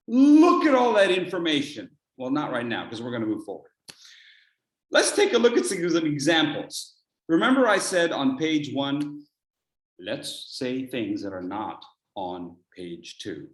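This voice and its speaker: Lively, playful man teaching over video call. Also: a little high, normal speed. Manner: playful, teasing, asks rhetorical questions. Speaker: workshop presenter. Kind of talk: energetic instructional talk. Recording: echoey room.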